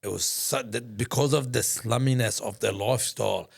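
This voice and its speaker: A man telling a story as a podcast guest in casual, profane talk, excitable and full of restarts. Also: medium pitch, moderate pace, vocal fry, slightly rough. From Australia. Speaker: podcast guest, business founder.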